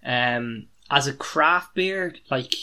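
A man's voice: medium pitch, slow pace, sharp tone. An Irish man co-hosting a beer podcast, chatting casually and giving his verdict on a beer. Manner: chatty, joking, reviewing beer. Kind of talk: casual chat.

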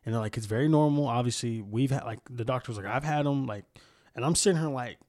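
A man's voice: mid-range voice, fast talker, darkish tone, no echo, studio quality. A young man hosting a casual podcast, telling a story in a candid, rambling way with lots of swearing. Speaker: podcast host.

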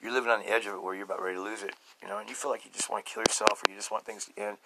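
Fast-talking man sharing his struggle. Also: fairly even intonation, gravelly, heavy background noise. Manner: emphatic, swings between loud outbursts and low murmurs. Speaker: podcast host. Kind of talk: personal testimony monologue.

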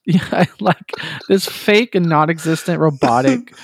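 A man's voice: fairly high pitch, lively intonation, measured pace, gravelly, slightly rough, dry recording, studio quality. A man co-hosting a gaming podcast in casual chat, swearing freely, mocking and laughing often. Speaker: podcast co-host.

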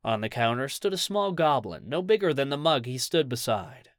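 Male audiobook narrator, even and measured, mid-pitched, dry close studio sound. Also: no room sound. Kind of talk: scripted story narration.

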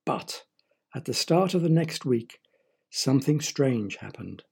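A man reading a children's story aloud in a gentle, explanatory manner. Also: mid-range voice, expressive, a little slow, vocal fry, breathy edge.

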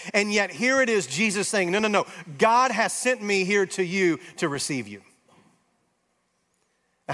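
Emphatic high-voiced preaching pastor. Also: male voice. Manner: emphatic preaching, rising to intense peaks then dropping soft. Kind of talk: sermon. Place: large church sanctuary. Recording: live church hall reverb.

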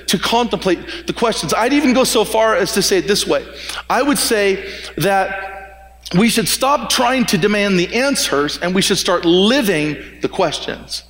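A man's voice: high-pitched, fairly bright tone. A man preaching a sermon as pastor, in a conversational storytelling way that often restarts and repeats words. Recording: echoey hall with long reverb.

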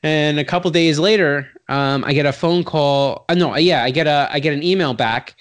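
A man, telling a personal story in loose, chatty speech, with a voice that sits a little high for a man. He keeps restarting his sentences and fills them with "like". He acts out the lines of the people in his story, jumping in volume when he does. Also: moderate pace. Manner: animated, acts out quoted voices with sudden loud jumps; heavy use of "like" and restarts, swears casually. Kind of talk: casual storytelling.

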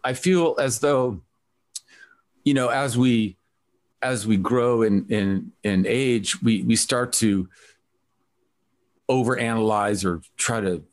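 A man's voice: medium pitch, slow, long pauses. A man hosting an interview, chatting casually and telling rambling stories. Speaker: interview host.

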